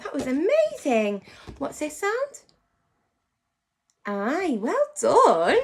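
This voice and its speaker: Woman, teacher, phonics lesson for kids, slow and very lively delivery, keeps praising. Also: high-pitched, breathy edge. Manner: animated and encouraging, praising often; slows down to sound out words. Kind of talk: phonics lesson for young children.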